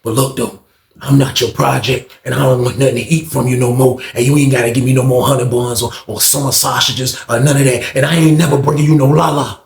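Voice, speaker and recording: Man doing a prison guard, stern, guarded, low, hushed, roomy echo. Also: fairly even intonation, fast talker, creaky, natural voice. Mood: accusing.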